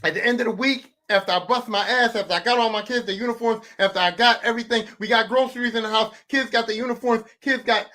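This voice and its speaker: A man in his forties rants on a casual podcast, swearing freely. He jumps between loud outbursts and low asides. His voice sits high and bright, with a forceful edge. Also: fast talker, few pauses. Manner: profane, animated storytelling, swings from loud bursts to low mutters. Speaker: podcast host. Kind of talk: casual comedic rant.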